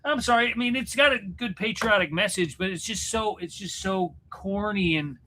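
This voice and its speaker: A man's voice: sits high, moderate pace, pushed and bright, slight background noise. A man, chatting casually on a livestream. He rambles and jokes at his own expense. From Missouri, USA. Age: 40s. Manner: rambling, self-deprecating, joking. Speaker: livestream host chatting with viewers. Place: room at home, in front of a mirror.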